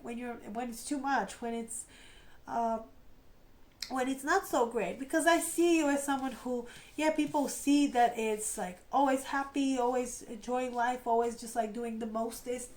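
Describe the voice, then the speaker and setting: A tarot reader chats casually through a reading, speaking straight to her viewers and encouraging them. Her voice is fairly high by nature, but she talks in a lowered, darkish tone with slight vocal fry. The audio quality is poor.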